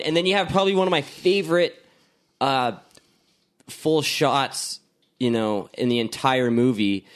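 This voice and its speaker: A man co-hosting a casual movie-review podcast, enthusiastic and quick to laugh, with plenty of swearing. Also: medium pitch, clear, resonant tone.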